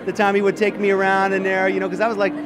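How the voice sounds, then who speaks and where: A man's voice: high voice, monotone, racing, low-quality recording. A man being interviewed as a musician, talking in a loose, rambling way with many fillers. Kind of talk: casual interview. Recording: crowd noise behind.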